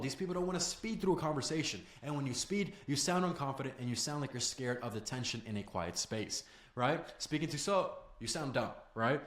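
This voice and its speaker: Brash, profane young sales coach. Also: male voice, on the high side, echoey room. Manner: blunt, profane and fast-talking, with sudden loud rants. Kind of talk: profane motivational sales training.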